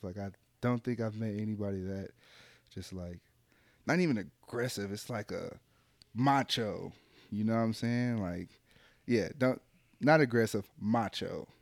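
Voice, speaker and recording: Low-voiced man telling a story animatedly. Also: normal speed, no echo. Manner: animated, profane, acts out quoted voices. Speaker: podcast co-host telling a story. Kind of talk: casual storytelling chat.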